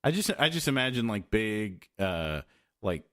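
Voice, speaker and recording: A man hosting a podcast in casual chat, rambling and halting with lots of fillers and restarts. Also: on the low side, big pitch swings, fairly bright tone. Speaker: podcast host.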